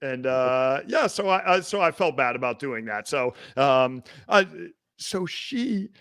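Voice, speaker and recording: A man's voice: medium pitch, expressive, a little slow, a bit bright, clean tone, dry recording, studio quality. A man hosting a podcast, talking casually and rambling with lots of fillers and restarts. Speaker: podcast host.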